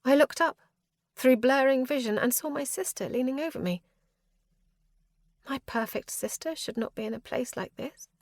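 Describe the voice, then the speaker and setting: A woman's voice: sits high, moderate pace, long pauses, no room sound, studio quality. A woman reading a first-person fantasy audiobook with a tense, dramatic delivery. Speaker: audiobook narrator.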